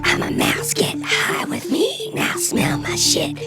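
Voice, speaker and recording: A woman voicing a tiny male mouse rock star in an improvised comic rap, sing-song with shouted bursts. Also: takes it slowly, natural voice. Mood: rapping. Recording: loud music behind the voice.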